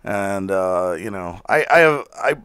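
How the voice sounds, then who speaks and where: A man's voice: low voice, expressive, a little slow, a bit bright, clean tone, no room sound, studio quality. A man co-hosting a podcast in casual chat, with an American accent that mixes northern and Southern, rambling, swearing casually and laughing often. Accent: American, mix of northern and Southern. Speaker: podcast co-host.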